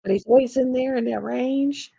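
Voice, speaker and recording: A woman's voice: sits high, normal speed, vocal fry, mellow, slightly rough, dry recording, muffled recording. An older woman, hosting a casual craft live stream from home on a laptop, chatting in a rambling way and laughing often. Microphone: laptop mic.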